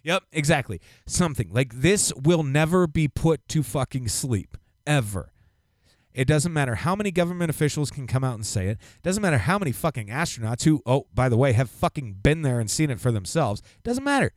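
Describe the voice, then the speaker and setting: A man co-hosting a podcast, ranting in a casual, profane, animated way. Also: mid-range voice, a little fast, dry recording, clean studio sound. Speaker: podcast co-host. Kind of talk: casual chat.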